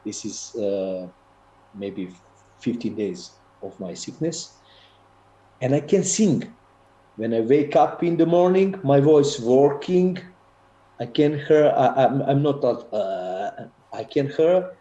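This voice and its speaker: Brief: unwell man, hesitant broken English, slow mellow voice, video call. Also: medium pitch, lively intonation. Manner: halting, repeats words, broken English. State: ill, on antibiotics. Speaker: voice student. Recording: roomy, muffled video call audio.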